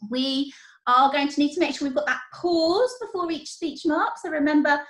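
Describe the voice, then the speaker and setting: A woman teacher, explaining writing step by step in an online lesson, clearly and encouragingly. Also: high voice, normal speed, fairly bright tone. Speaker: primary school teacher. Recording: roomy echo.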